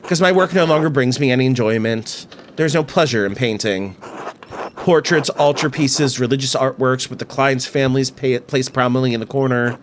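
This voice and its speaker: A man's voice: mid-range voice, fairly quick, a little hiss or hum, close to an everyday voice. A man reading a weary, lost middle-aged painter confessing his troubles. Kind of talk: reading game dialogue aloud.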